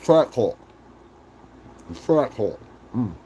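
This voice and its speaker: A man hosts a loose livestream, talking straight to his chat at an ordinary mid pitch. He swears freely, laughs a lot, and drops into quick acted-out bits. His talk rambles, with plenty of restarts. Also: big pitch swings, warm tone, a little hiss or hum. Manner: profane, jokey, laughs often, acts out quick skits. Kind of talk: casual livestream chat with viewers.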